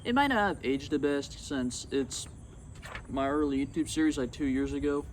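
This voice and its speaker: A young man talking casually about his old video on his phone outdoors, rambling and excitable. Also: fairly high pitch, normal speed, slight background noise. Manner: rambling and excitable, swats at bugs. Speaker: YouTuber. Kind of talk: casual vlog commentary. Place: outdoors among insects.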